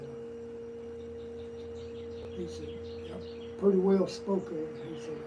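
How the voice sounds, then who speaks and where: Older man, profane rambling yarns. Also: high-pitched. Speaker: storyteller guest. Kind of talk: casual storytelling. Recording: distant mic, noisy room.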